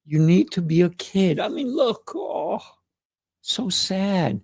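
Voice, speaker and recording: A middle-aged man hosting a motivational livestream, playful and excitable, often laughing as he talks. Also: high voice, takes it slowly, husky, no echo, studio quality. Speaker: livestream host.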